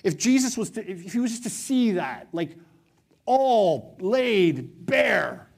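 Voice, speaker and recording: A man with a high voice preaching a sermon in a church. He talks with fervour, rising to loud, driven stretches and then dropping to a hushed, quiet delivery. He takes the role of a pastor addressing his congregation. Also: very animated, takes it slowly, gravelly. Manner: passionate, swings from loud to hushed.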